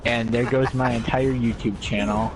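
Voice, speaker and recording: A man's voice: medium pitch, steady tone, normal speed. Young man, casual podcast chat, rambling and joking, faint background hiss. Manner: rambling, joking, many restarts. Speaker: podcast co-host.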